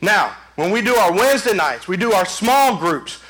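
Emphatic high-voiced male pastor. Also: very animated, normal speed, a bit bright. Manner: emphatic, repetitive preaching cadence. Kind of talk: sermon.

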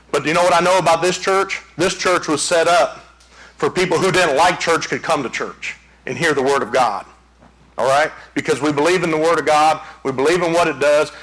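Bright, animated preacher man. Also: a little high, rough recording. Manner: animated, conversational preaching with frequent call-outs to the congregation. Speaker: pastor. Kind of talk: sermon. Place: church before a congregation.

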